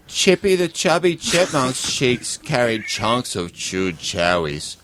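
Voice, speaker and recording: Give me a man doing slow, cooing baby talk with a big swooping pitch. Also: very animated, background noise.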